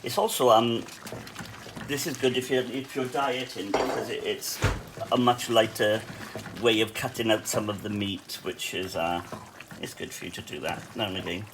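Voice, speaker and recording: This Welsh-accented man cooks at a cafe and is hosting a relaxed recipe walkthrough in his home kitchen, full of chatter, fillers and asides. His low-leaning voice keeps a fairly even intonation at normal speed, over background noise.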